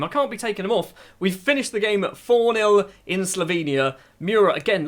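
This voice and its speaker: A man's voice: sits high, animated, normal speed, hardly any pauses. A man commentating a football management video game, calling the action play-by-play and musing aloud to his viewers. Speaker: gaming YouTuber.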